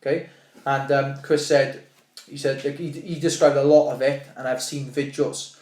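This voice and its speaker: A young Welsh man, a podcast guest, telling stories in casual chat, animated and swearing, acting out what people said. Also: mid-range voice, normal speed, roomy sound. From Wales. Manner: animated, swearing, restarts and acts out quotes.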